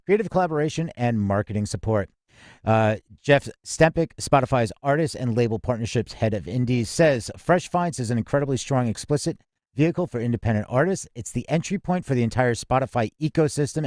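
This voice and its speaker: A man's voice: medium pitch, a little mellow, no room sound. A male host reads music business news in an easy, mid-range voice. He stumbles and restarts as he goes. The sound is close and dry. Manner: reads articles aloud with fillers and restarts. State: out of breath. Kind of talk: casual news roundup.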